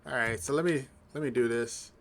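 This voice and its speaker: A man talking through a video game walkthrough in a loose, rambling way. He fills his speech with ums and likes. His voice sits at a middle pitch. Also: a little fast, slight background noise. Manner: laid-back, rambling, full of fillers. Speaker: gaming channel host. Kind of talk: casual gameplay commentary.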